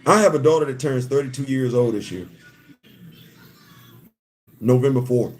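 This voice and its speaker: A man's voice: mid-range voice, moderate pace. Chatty laughing man hosting a livestream. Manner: laughs often, stammering restarts, heartfelt asides. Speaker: livestream host. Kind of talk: casual live-stream chat.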